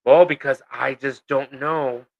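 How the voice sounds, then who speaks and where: A man's voice: mid-range voice, steady tone, measured pace, vocal fry, phone-quality sound. A man chatting casually on a podcast, telling rambling stories full of fillers and swearing. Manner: profane, rambling storytelling with many fillers. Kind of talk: casual chat.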